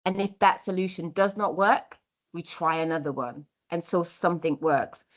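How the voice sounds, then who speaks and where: A woman's voice: fairly low pitch, moderate pace. A young adult woman giving a workshop talk, earnest and encouraging, repeating her key phrases. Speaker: workshop speaker on mentoring.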